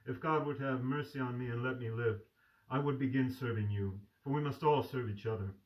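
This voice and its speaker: A man's voice: medium pitch, a little fast, close to an everyday voice. Man voicing a tender, fervent dying young man. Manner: fervent, pleading. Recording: distant mic.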